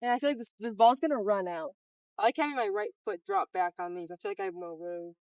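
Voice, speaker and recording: Out of breath from dashing between shots, a young woman talks herself through a round of golf at dusk in a casual, self-narrated vlog, coaching herself on each swing. She speaks quickly in a mid-range, darkish voice, and the muffled recording carries a little hiss or hum.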